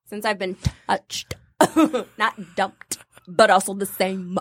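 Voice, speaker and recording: A woman's voice: mid-range voice, level tone, slow pace, dry recording, studio quality. A woman telling a story in casual chat, acting out each line of dialogue and laughing often.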